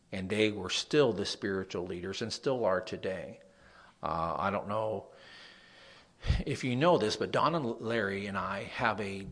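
A man's voice: low-pitched, husky. Nasal-voiced man preaching a sermon. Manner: animated preaching, swings between soft asides and loud emphasis. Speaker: pastor.

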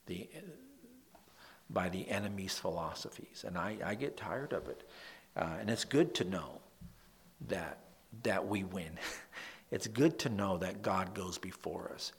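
A man preaching a sermon as pastor, emphatic, swinging from soft breathy asides to loud declaimed scripture. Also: fairly low pitch.

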